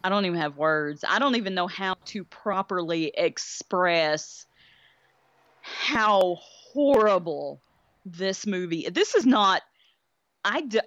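A woman's voice: lowish voice, expressive, slow pace, a bit bright, no room sound. A woman, co-hosting a casual, profane movie chat in a blunt, exasperated way. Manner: blunt, exasperated, swears a lot. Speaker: podcast co-host. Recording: dry, slightly dull sound.

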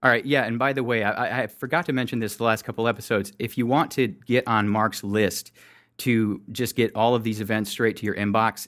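A man's voice: fairly low pitch, fairly bright tone. A man co-hosting a casual podcast, self-mocking and laughing often as he reads out listener reviews and runs through upcoming events. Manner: laughs a lot while reading, self-mocking. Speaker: podcast co-host.

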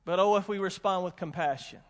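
A pastor delivers a sermon in a strikingly high voice, pressing his points by repetition and slipping in folksy jokes. His words ring out with the long reverb of a large church hall. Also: brisk. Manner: emphatic, repeats warnings, folksy asides. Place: church sanctuary with congregation.

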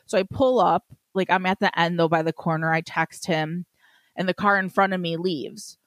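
A woman's voice: on the low side, normal speed, fairly bright tone, no room sound. A woman co-hosting a podcast in casual chat, ranting and swearing, raising her voice to act out what she and others said. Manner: ranting, profane, acts out quotes in a raised voice. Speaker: podcast co-host.

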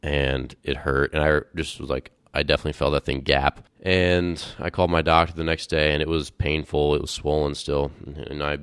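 A man's voice: very deep voice, little pitch movement, normal speed, hardly any pauses, a bit bright, clear, resonant tone, dry recording, clean studio sound. A young man hosting a podcast, telling a candid, rambling story in a casual way with fillers and restarts. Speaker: podcast host.

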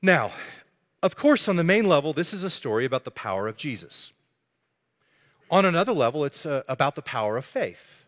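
Male pastor, sermon, earnest storyteller, lively intonation, long hall reverb. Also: fairly high pitch, fairly quick. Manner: earnest storytelling, acting out quotes. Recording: echoey hall.

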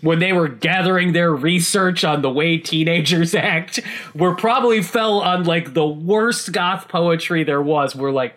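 Excitable rambling man, slightly high voice. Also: measured pace. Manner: excitable, rambling, many restarts, laughs while talking; casual swearing. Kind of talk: casual chat about a video game.

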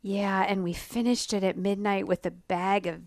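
A woman co-hosting a radio talk show, speaking reflectively with pauses and ums. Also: medium pitch, fairly even intonation, a little mellow, dry recording, clean studio sound.

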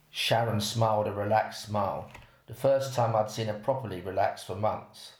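A man reads a first-person story aloud at an unhurried pace. His voice is low and gravelly, and the recording has a roomy echo. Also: steady tone. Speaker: narrator. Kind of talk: reading an erotic story aloud.

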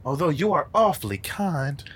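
A man's voice: a little high, very animated, normal speed, a bit bright, slightly rough, voice pushed down, full character voice. A man reading as a coy Southern belle. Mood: indignant. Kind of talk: casual read-through of a film scene.

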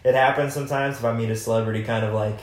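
A man's voice: mid-range voice, fairly even intonation, rapid-fire. A man in casual podcast chat, telling loose stories and swearing freely. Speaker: podcast guest or host. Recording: roomy echo.

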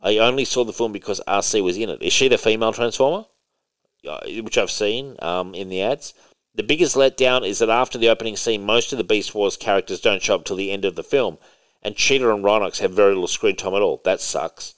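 A man's voice: fairly low pitch, brisk. A man co-hosting a casual podcast about comics and movies, rambling and emphatic, swearing now and then. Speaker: podcast co-host.

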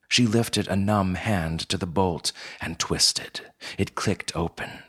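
A man with a husky voice reading a story in measured, steady scripted narration. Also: deep voice.

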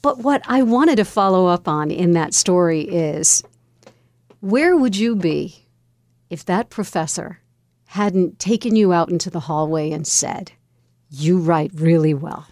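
A woman hosts a broadcast interview, asking measured and encouraging questions. Her voice sits a little low and comes across close and dry. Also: a little mellow, dry recording. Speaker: interview host.

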